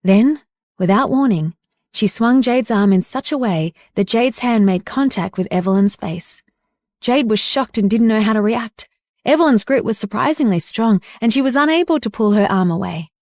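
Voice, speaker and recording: Give me a woman narrating an audiobook, steady and dry. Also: fairly high pitch, moderate pace, no echo. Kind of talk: scripted narration.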